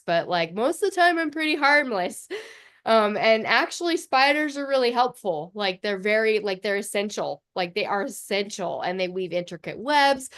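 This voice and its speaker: Speaking in rambling run-on phrases with plenty of fillers, this middle-aged podcast host tells frank personal stories, cursing offhandedly and laughing a lot. Her voice has a medium pitch and a fairly bright tone.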